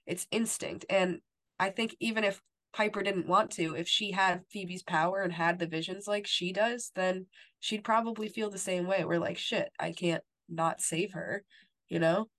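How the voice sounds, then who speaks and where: A woman's voice: mid-range voice, fairly even intonation, normal speed, fairly bright tone. A woman co-hosting a podcast, chatting casually about a TV episode and filling her talk with "like" and "you know". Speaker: podcast co-host. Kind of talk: casual TV recap chat.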